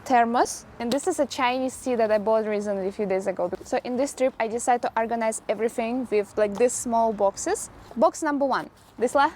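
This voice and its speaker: Young female vlogger, Russian accent, light and high, upbeat listing, slight background hiss. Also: warm tone. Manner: laughs often, lists items briskly. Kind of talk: casual travel vlog.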